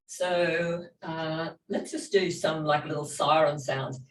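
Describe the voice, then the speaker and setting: An Australian woman leading an online vocal warm-up workshop, giving relaxed, encouraging instructions with loose fillers. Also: low voice, takes it slowly, a little hiss or hum. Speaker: movement and singing workshop leader. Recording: echoey room, distant from mic.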